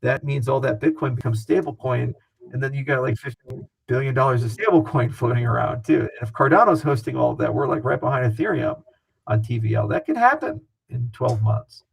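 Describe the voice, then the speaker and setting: A man speaking as an interview guest, talking fast and animated in a casual, profane way. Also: medium pitch, vocal fry, slightly rough, poor audio.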